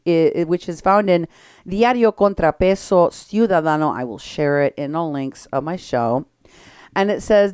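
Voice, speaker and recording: Sarcastic lady host ranting on her show, low smooth voice, dry close sound. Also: darkish tone, no echo. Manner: brisk, sarcastic, laughs at her targets. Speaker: political commentary show host. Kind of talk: opinionated commentary.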